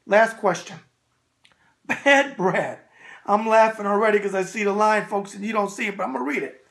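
A man hosting a boxing video mailbag, brash and animated, repeating a catchphrase. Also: sits high, normal speed, creaky. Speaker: boxing show host answering viewer mail. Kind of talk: casual solo video mailbag.

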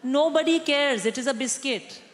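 A woman's voice: sits high, moderate pace, heavy background noise. Middle-aged woman doing stand-up in a theatre. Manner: punchy, conspiratorial, mock-lecturing the crowd. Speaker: stand-up comedian. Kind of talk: stand-up comedy set. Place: large theatre stage. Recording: live theatre hall with audience.

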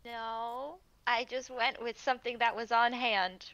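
Woman co-host, casual and chatty, fairly high, bright tone. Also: steady tone, a little slow, highs cut off. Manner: chatty, says "like" a lot. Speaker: co-streamer. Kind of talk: casual chat.

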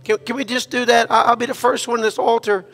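High-voiced, gravelly impassioned preacher man. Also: little pitch movement, fast, fairly bright tone, long reverb tail, faint music behind. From Louisiana. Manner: impassioned preaching, repeats phrases, ends in prayer. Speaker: guest pastor. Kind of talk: sermon. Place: church sanctuary.

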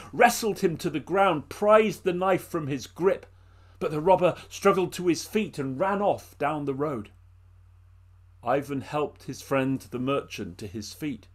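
An English man tells a folk tale to listeners, lively and expressive, calling on them by name. His speaking voice sits a little high for a man. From England. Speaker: storyteller. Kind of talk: oral storytelling performance.

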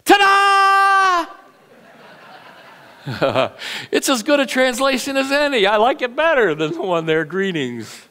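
A male pastor preaching an Easter sermon, telling a story with lively delivery and playful acted-out voices. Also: extremely high pitch, brisk, hardly any pauses, clean tone. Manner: animated storyteller, acts out voices. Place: church sanctuary.

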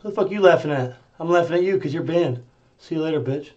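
A man streaming live, ranting at his chat in a profane, confrontational way, swinging between muttering and yelling. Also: a little high, fast, highs cut off. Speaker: livestreamer.

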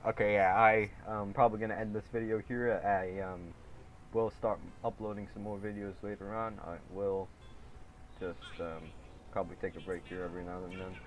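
A man's voice: fairly low pitch, moderate pace, a little hiss or hum. A young man commenting on his own gameplay, slangy and profane, repeating catchphrases and taunting other players. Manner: taunting and laughing when excited.

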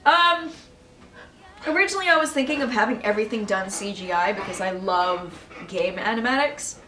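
A woman's voice: mid-range voice, expressive, normal speed, roomy sound, recorded from a distance, low-quality recording. A young woman answering viewer questions in a casual video, candid and emotional and swearing freely. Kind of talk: casual Q&A chat.

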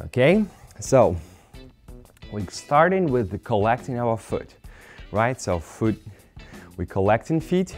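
A man's voice: medium pitch, darkish tone. A man teaching a dance lesson while demonstrating, counting beats aloud, slightly out of breath, with non-native phrasing. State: out of breath from dancing.

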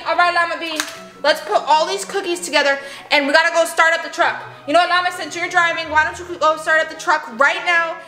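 Bright, high-pitched playful woman vlogger. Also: echoey room. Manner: animated, talks to toys and viewers. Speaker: vlogger playing with toy llamas. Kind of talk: playful kids' vlog narration.

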